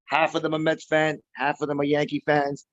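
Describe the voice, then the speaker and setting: A man's voice: on the high side, completely flat delivery, a little fast, fairly bright tone, no echo. A man chatting casually and loosely on a livestream about his team's playoff game, a bit tipsy from drinking and rambling between laughs. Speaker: baseball fan on a livestream. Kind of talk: casual livestream reaction chat. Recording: dull dry lo-fi sound.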